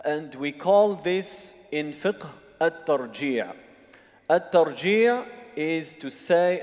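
A man's voice: fairly high pitch, lively intonation, slow pace, darkish tone. A man teaching a religious seminar, explaining step by step and often checking that the audience follows. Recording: long hall reverb.

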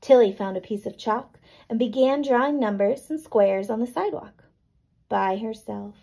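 Gravelly-voiced woman teacher reading aloud. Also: a little high, normal speed, rough recording. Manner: gentle, checks in with "right?" and "okay?". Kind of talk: reading a picture book to children.

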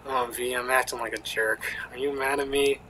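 A man's voice: mid-range voice, steady tone, moderate pace, pushed and bright, a little hiss or hum, pitched below the performer's own voice, close to an everyday voice, poor audio. A man reading the lines of an awkward, aimless young adult female cat from a game, in a mumbling, apologetic way. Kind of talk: reading game dialogue aloud.

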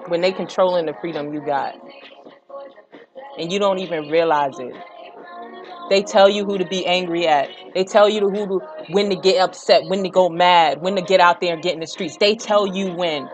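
A young woman, ranting straight at her audience in a blunt, profane way that climbs into heated outbursts. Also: on the low side. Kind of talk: impassioned direct-to-camera rant.

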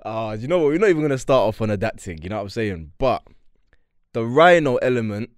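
A man's voice: mid-range voice, lively intonation, fast, no room sound, studio quality. A young man, co-hosting a casual podcast, talking in slangy, teasing banter. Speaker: podcast co-host.

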